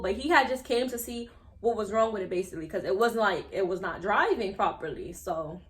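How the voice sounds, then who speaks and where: A young woman from New telling a story to her viewers in a chatty, animated way, full of fillers. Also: medium pitch, a little fast. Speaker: vlogger. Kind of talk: casual storytime to camera.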